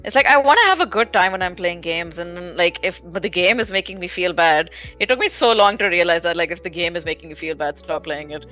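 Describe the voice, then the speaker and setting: A woman's voice: fairly low pitch, fast, hardly any pauses, sharp tone, faint music behind, poor audio. A woman with a slight foreign accent, chatting casually as a podcast guest and rambling with lots of "like"s. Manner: rambling, filler-heavy, frequent "like". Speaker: podcast guest, fighting game commentator. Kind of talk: casual chat.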